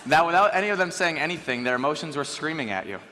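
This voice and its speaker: A teenage boy giving a lively, joking talk on stage to a school audience. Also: on the high side, fast talker. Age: teens. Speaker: student speaker. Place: school auditorium. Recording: reverberant hall with faint ambience.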